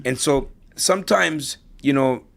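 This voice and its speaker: A middle-aged man talks as a guest in a relaxed interview, his voice rough with vocal fry and sitting at a medium pitch. He tells stories and checks in with the listener by asking "right?" after his points. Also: a little slow. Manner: storytelling, tags points with "right?". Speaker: interview guest, real estate investor. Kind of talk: casual conversational interview.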